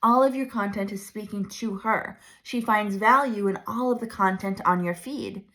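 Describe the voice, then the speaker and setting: A woman in her thirties coaching her viewers in a chatty, animated way, laughing often. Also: medium pitch, normal speed. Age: 30s. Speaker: branding coach. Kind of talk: casual coaching talk to camera.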